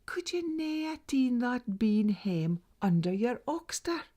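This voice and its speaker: A woman with a Northeast Scots accent voicing a scolding old mother, exasperated and hushed. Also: on the high side, big pitch swings, takes it slowly, pitched above the performer's own voice, full character voice.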